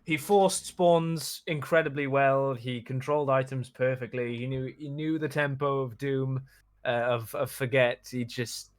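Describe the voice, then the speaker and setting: A man casting a live online match, talking in a relaxed, chatty way and often restarting his sentences. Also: medium pitch, unhurried. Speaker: esports caster. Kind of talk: casual live game commentary.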